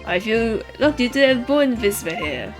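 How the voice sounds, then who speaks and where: A woman streamer rambles casually and mocks herself, her voice on the higher side. Game music plays clearly underneath her talk. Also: very animated, moderate pace. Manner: rambling, self-mocking, laughing often. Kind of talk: casual live-stream chat. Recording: game music playing behind.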